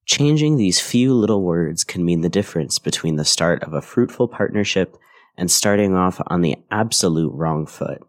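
Low-voiced male English teacher narrating a lesson. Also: lively intonation. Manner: clear, measured explanatory delivery. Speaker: English teacher, podcast host.

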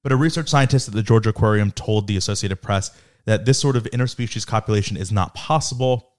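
Low-voiced man on a casual podcast. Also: quick pace. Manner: reads news items aloud, jokes and laughs often. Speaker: podcast co-host. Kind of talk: casual chat.

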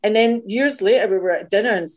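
A middle-aged Scottish woman, a singer, telling animated anecdotes as a guest, acting out other people's voices and swearing freely. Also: medium pitch, quick pace. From Scotland.

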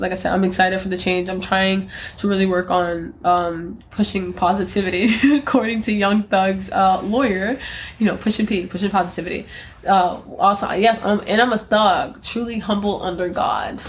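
A woman's voice: lowish voice, vocal fry, slight background noise. A young woman hosting her own podcast, chatting casually on her own in a rambling, self-mocking way with frequent laughs. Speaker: podcast host. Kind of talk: casual solo podcast chat.

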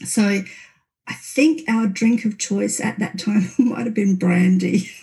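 A middle-aged woman telling a personal story in casual chat, animated and laughing, her voice climbing high as she relives a fright. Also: takes it slowly.

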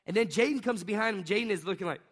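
A male pastor with a bright, high voice preaches to a congregation, mixing a lively family anecdote with scripture. He laughs often and acts out sounds as he tells the story. His voice rings out through the long reverb of a large hall. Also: rapid-fire, breathy edge. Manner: animated storytelling with bursts of acted-out sounds; laughs often while telling stories. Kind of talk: sermon.

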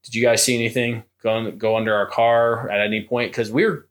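A young man casually telling a spooky story on a podcast, acting out the voices and creaking sounds. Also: mid-range voice, brisk. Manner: animated, acts out quoted voices and creaks. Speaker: podcast co-host.

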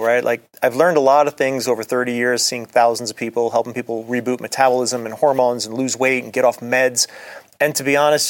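A middle-aged man, a doctor, hosting his own podcast in a chatty, earnest storytelling way. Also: mid-range voice. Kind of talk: casual solo podcast monologue.

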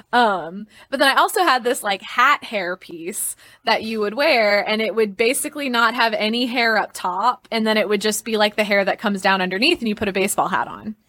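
A young woman telling a personal story as a podcast guest, chatty and expressive, laughing often and filling her sentences with "like" and "um". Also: medium pitch, no room sound.

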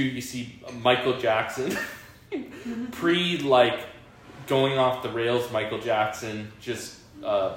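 A man hosting a podcast, chatting casually at a slow pace, rambling with lots of fillers and laughing often. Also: medium pitch, a bit bright. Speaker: podcast host. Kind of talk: casual chat. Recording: very echoey room, faint hiss.

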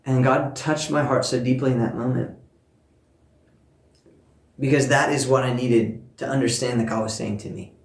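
A man preaching a sermon, telling a personal story with warmth and earnest emphasis, speaking to listeners at home. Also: mid-range voice, fairly even intonation, moderate pace, creaky, pauses often, reverberant. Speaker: pastor.

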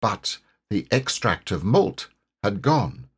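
A man reading a children's storybook aloud with expressive storytelling. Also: fairly low pitch, slow pace, breathy edge. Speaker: audiobook reader. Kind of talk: storybook narration.

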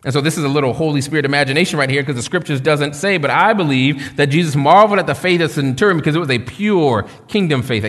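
A man's voice: on the high side, fast talker, hardly any pauses, in a large hall. A man preaching a sermon in a conversational, storytelling way with touches of humor. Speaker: pastor.

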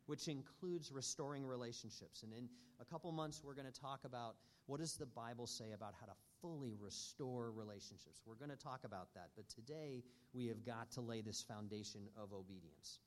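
A man's voice: medium pitch, a little fast, few pauses, slight background noise. Earnest man teaching a parenting class. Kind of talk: church teaching talk.

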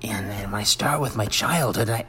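A middle-aged man hosting a rambling personal monologue, halting and self-mocking, often dropping into soft whispered asides. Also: lowish voice, slight background noise. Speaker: monologue host.

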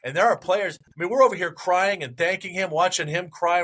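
Male podcast co-host, bright and forceful voice, rambling sports rant with mock outrage. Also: sits high, brisk, few pauses, poor audio. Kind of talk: casual sports chat.

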